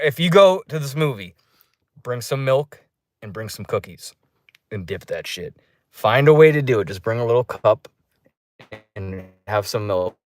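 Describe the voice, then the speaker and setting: Brief: young male movie reviewer, loose, profane, rambling, mid-pitched, dry close mic. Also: no room sound. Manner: rambling, profane, animated with pitched-up quoted reactions. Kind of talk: casual spoken review.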